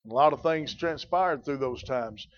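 A man's voice: mid-range voice, moderate pace. A man, a pastor preaching a sermon in a folksy, rambling way with many fillers. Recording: dull, lo-fi recording.

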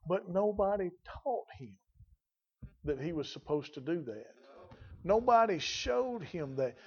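A man's voice: high voice, expressive, unhurried, slightly rough, dull audio. A man preaching a sermon in a folksy, emphatic way, his intensity rising and falling. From rural.

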